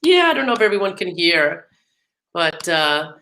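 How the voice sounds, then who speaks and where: A woman's voice: lowish voice, very animated, moderate pace, bright, forceful tone. A middle-aged woman hosting a podcast in an upbeat, chatty way, laughing often. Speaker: podcast host. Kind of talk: casual podcast talk.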